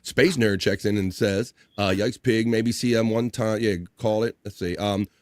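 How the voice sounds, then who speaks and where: A man hosting a casual livestream, reading out viewer comments with loose, joking shout-outs and easy laughs. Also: on the low side, steady tone, moderate pace, no echo, clean studio sound. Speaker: livestream host.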